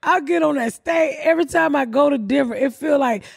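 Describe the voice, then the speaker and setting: A woman's voice: sits high, brisk, gravelly, no room sound, studio quality. A Southern American woman, a comedian and podcast host, telling brash, profane stories in casual chat with a congested voice.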